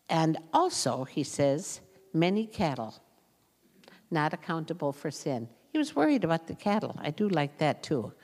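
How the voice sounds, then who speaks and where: A woman's voice: lowish voice, a little mellow. A woman giving an informal, chatty Bible teaching, reading scripture aloud and laughing often as she comments. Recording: long hall reverb.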